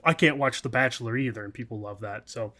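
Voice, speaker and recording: A man's voice: mid-range voice, fast talker, bright, forceful tone, slight background noise. A man co-hosting a podcast in loose, casual chat. He rambles through the story with plenty of swearing and filler words, and laughs along the way. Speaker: podcast co-host.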